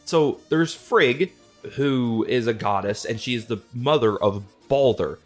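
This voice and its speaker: A young man casually retelling myths as a comedy host, slangy and profane, popping into quick mimicry of the characters. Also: medium pitch, faint music behind. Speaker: podcast host.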